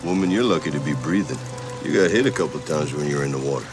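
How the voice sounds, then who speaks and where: A gruff, deep-voiced man. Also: fast talker. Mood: gruff, questioning. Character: gruff man tending a wounded woman. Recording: film audio with loud score. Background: music.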